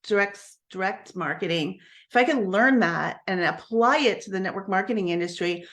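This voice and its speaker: Woman coach with a middle-pitched voice, sharing a personal story on a live stream; candid and earnest, often restarting her sentences. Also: normal speed, a bit bright. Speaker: network marketing coach.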